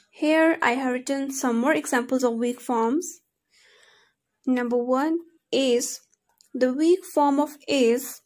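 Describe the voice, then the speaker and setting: A woman giving a recorded lesson on English pronunciation, saying each example sentence slowly and carefully and then repeating it. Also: high voice, dry recording. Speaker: English phonology student presenter.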